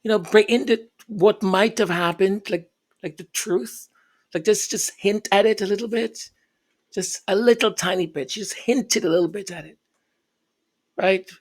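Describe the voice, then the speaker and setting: A man's voice: high-pitched, normal speed. A man giving exasperated, mocking commentary as a vlogger, repeating his phrases for emphasis.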